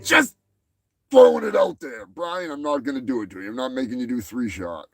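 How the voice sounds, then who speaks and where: A man hosting a show in a crude, profane comedy rant, mocking people and shouting when worked up. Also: mid-range voice, lively intonation, a little fast, gravelly, no room sound, soft background music. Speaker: podcast host.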